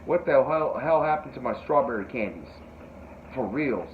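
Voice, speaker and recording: A man hosting a casual podcast, telling a rambling, animated story full of fillers and swearing, and jumping into high yelps when he quotes people. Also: normal speed. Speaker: podcast host. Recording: tinny phone-like sound with faint noise.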